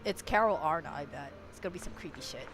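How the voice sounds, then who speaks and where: A woman's voice: low voice, expressive, quick pace, noisy background. A woman streamer giving casual game commentary, chatty and swearing, swinging into emotional rants.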